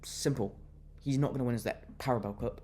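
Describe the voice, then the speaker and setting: A man's voice: mid-range voice, a little fast, mellow. Angry young man ranting about football. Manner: fuming, repetitive, venting. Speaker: football fan vlogger. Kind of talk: angry fan reaction rant.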